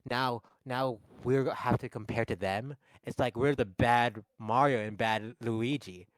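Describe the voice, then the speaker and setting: A man doing a gruff, jealous cousin. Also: mid-range voice, a little slow, dry recording, pitched below the performer's own voice, natural voice, poor audio. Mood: resentful. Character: grumbling jealous male cousin of famous heroes.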